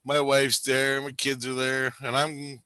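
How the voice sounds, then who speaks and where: A man's voice: medium pitch, completely flat delivery, measured pace, pushed and bright, clear, resonant tone, dry recording. A man telling a rambling, profane story in casual chat, laughing often.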